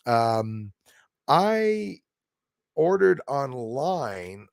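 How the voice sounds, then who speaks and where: Gravelly-voiced man hosting a livestream. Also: mid-range voice, big pitch swings, extremely slow, no room sound, studio quality. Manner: rambling, chatty, jumps between topics. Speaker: channel host. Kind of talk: livestream chat, reading viewer comments aloud.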